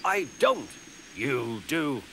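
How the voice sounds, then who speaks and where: A man's voice: medium pitch, very animated, extremely slow, creaky, fairly bright tone, heavily acted. A man voicing a group of spiteful big steam engines in a cartoon who hiss their complaints. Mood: resentful. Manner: hissing, sulky.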